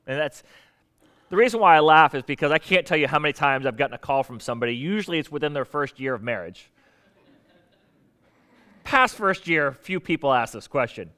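A man from the Southern US preaching a sermon as pastor, in a conversational, wry way that swings between loud emphasis and quiet asides. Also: fairly high pitch, lively intonation, a little fast.

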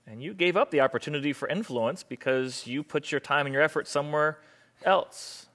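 A man speaking on stage before an audience, animated, acting out dialogue in raised voices and repeating phrases for emphasis. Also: on the high side, a little fast. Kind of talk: motivational talk with a live volunteer.

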